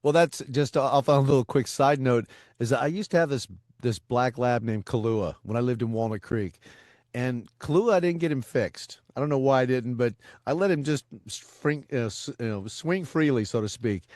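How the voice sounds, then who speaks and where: A man co-hosting a podcast, telling stories in an animated way and acting out voices in casual chat. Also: medium pitch, normal speed, dry recording, clean studio sound. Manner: animated storyteller who acts out voices. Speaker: podcast co-host.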